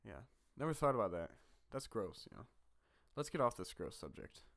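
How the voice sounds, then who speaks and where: A man's voice: lowish voice, very animated, moderate pace, creaky, a bit bright, no room sound. A man co-hosting a podcast in casual chat, talking in a rambling, easygoing way full of fillers. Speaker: podcast co-host. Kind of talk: casual chat about a fantasy book.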